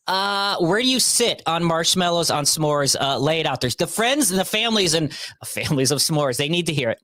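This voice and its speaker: A man hosting a casual podcast, joking and building emphatic playful rants. His voice sits a touch high and sounds dry and close, with no room around it. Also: animated, fairly quick, fairly bright tone, no echo. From Northeast Ohio. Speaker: podcast host.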